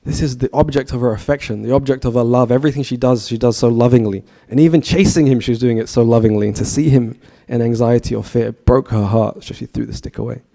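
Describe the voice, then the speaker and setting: Fast and creaky, with hardly any pauses, a man in his thirties gives a temple talk as a storytelling sermon. His medium-pitched voice is mellow and fairly even, and he chats and asks the audience questions.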